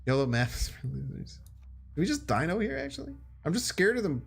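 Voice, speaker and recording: A man with a Chicago accent streaming a card game, chatting casually with his viewers and thinking his moves out loud. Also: a little high, very animated, brisk, vocal fry, breathy edge, soft background music. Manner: chatty, thinks aloud and talks to chat. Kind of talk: casual gaming stream commentary.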